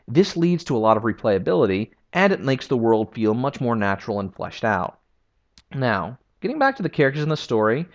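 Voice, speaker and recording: Opinionated male video essayist, lively and chatty, recorded lo-fi. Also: mid-range voice. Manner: opinionated and conversational. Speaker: video game history reviewer. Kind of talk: casual video essay commentary.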